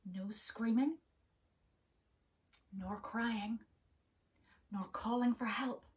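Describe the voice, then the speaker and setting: A woman reads a story to children at a slow, careful pace, in a fairly high voice. She is expressive and often drops to a hush. She sounds a little off-mic. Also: far from the mic. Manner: expressive, with hushed whispers and asides to children. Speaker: teacher reading a story. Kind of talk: interactive children's story reading.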